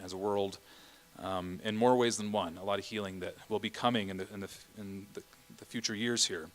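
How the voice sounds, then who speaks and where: A man directs a church choir rehearsal, patiently explaining the music in a lowish, slightly bright voice. He keeps checking in with the singers, asking "okay?" as he instructs.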